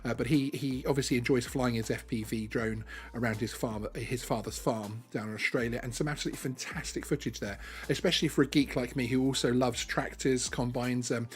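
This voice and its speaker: A man's voice: medium pitch, fairly even intonation, brisk, few pauses. Chatty man hosting a live stream. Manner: chatty, lots of ums and restarts. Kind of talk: casual live stream chat.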